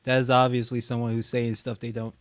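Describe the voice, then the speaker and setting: A man's voice: medium pitch, monotone, fairly quick, no room sound. A man co-hosting a casual talk show, making candid, laughing asides. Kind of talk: casual chat.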